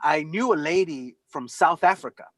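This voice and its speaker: A man chatting casually over a video call, telling animated stories and swearing freely. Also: on the high side, moderate pace, no echo. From California. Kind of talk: casual chat.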